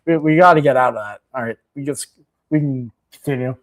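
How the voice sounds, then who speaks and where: A man hosting a podcast, giving rambling, animated commentary full of restarts and fillers. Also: medium pitch, brisk. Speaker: podcast host. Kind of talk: casual commentary.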